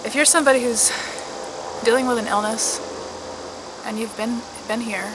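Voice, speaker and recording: A worn-out, middle-aged woman talks candidly in a personal vlog, her fairly high voice halting, moving between hushed and loud. A clear noise bed sits behind her, with cars passing outside. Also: fairly even intonation. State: unwell and worn out. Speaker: vlogger.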